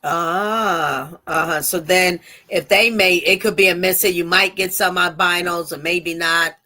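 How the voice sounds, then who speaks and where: A woman hosts a relaxed interview over a video call, her voice bright and clear. She asks simple questions and keeps the guest going with frequent short affirmations. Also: lowish voice, unhurried. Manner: encouraging, lots of mm-hmms and short replies. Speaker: podcast host. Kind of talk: casual interview chat.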